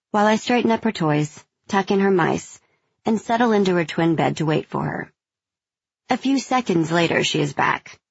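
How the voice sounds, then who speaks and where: A woman reads a first-person story aloud with a low, husky voice that often drops into a gravelly edge. Her delivery is measured and gentle. The recording is dry and a bit dull. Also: dry recording. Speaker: audiobook narrator. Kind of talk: first-person audiobook narration.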